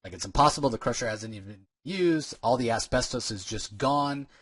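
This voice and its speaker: A man's voice: medium pitch, animated, fairly quick, a bit bright, breathy edge, no room sound. A man co-hosting a casual comic book podcast, retelling a story page by page with many fillers and restarts. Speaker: podcast co-host.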